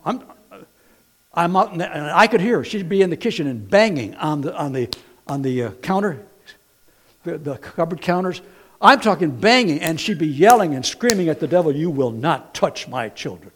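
Animated man preaching a sermon. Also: on the high side, normal speed, husky. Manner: animated, swings from quiet to loud; folksy storytelling with playful asides. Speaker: pastor.

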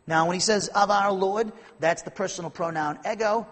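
High-voiced husky man preaching. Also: normal speed, a bit bright, long reverb tail. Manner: emphatic, rises to rhetorical questions. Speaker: pastor. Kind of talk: expository sermon.

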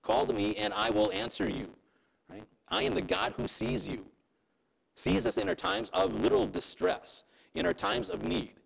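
A man preaching in a relaxed, conversational way, often turning to his listeners with a quick question. His voice sits fairly high and swings widely in pitch. A heavy gravelly rasp runs through his speech. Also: low-quality recording. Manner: conversational preaching, keeps asking "right?". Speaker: pastor. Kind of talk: sermon.

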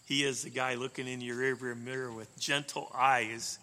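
A man preaching a sermon in an animated way, swinging between loud emphasis and soft asides. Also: medium pitch, normal speed. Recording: long reverb of a hall.

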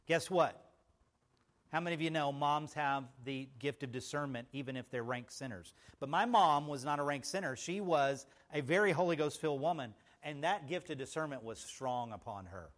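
Man, high-pitched voice, preaching a sermon, emphatic then hushed, storytelling, engaging the congregation. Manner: dynamic, swinging from loud emphatic phrases to hushed asides; storytelling with audience call-outs. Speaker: pastor.

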